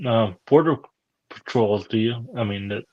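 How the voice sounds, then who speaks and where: A man's voice: lowish voice, normal speed, muffled recording. A man on a casual podcast who asks hesitant questions and often restarts his sentences.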